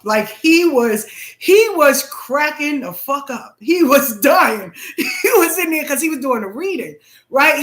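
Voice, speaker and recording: Middle-aged New woman, profane and animated storyteller; high-pitched, recorded in a roomy space. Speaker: spiritual practitioner telling a story. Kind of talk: casual storytelling monologue.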